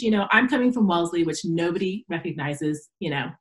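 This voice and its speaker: A woman in her forties speaks as a guest on an interview show. She tells her stories in a relaxed, conversational way. When she quotes other people, she acts them out in a higher voice. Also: fast talker, low-quality recording. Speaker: podcast guest, educator. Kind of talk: casual storytelling interview.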